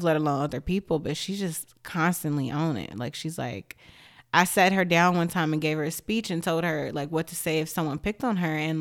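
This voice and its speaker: A young woman with a low, deep-set voice hosts a casual podcast. She rambles candidly, leaning on filler words, and sounds high. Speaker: podcast host. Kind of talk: casual chat.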